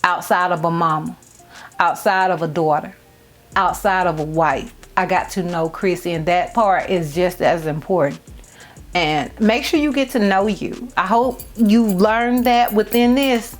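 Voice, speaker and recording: A woman's voice: lowish voice, a little slow, soft background music. A woman in her thirties telling viewers a personal story while getting ready, heartfelt and repeating phrases for emphasis. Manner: addresses viewers as y'all and girl. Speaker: beauty vlogger. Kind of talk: casual storytime chat.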